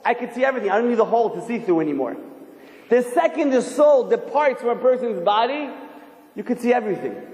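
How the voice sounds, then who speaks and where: Rabbi guy preaching, really high voice, lots of questions at the crowd, big echoey hall. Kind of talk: sermon. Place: synagogue hall. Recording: echoey hall, long reverb.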